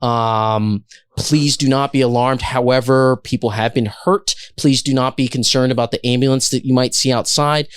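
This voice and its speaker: A man voicing a calm male restaurant manager who smoothly reassures a room of diners. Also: medium pitch, moderate pace, no room sound, studio quality, pitched above the performer's own voice, close to an everyday voice. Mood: reassuring. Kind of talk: podcast anecdote.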